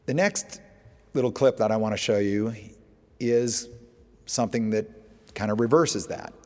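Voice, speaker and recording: Man, slightly low voice, storytelling presentation, acts out dialogue, long hall reverb. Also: a little slow, darkish tone. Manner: acts out phone calls in quoted dialogue. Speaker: TV show producer giving a talk.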